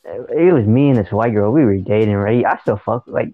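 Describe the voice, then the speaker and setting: A man's voice: on the low side, brisk, no room sound, faint music behind. A young man telling a story in rambling, slangy casual chat, laughing along. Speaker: podcast co-host. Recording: dry, tinny phone-like sound.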